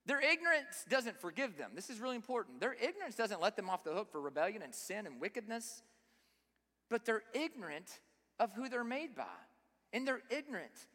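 Male preacher, sermon, bright forceful tone, emphatic, rhetorical questions, long hall reverb. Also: high-pitched, very animated, fairly quick.

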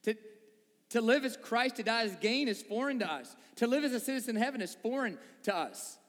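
A man's voice: very high voice, expressive, a little fast, a bit bright. Guy pastor preaching, asks the room lots of questions, talks like normal chat, big echoey church. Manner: conversational preaching with many repeated rhetorical questions. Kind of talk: sermon. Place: church sanctuary before a congregation. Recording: long reverb of a large hall.

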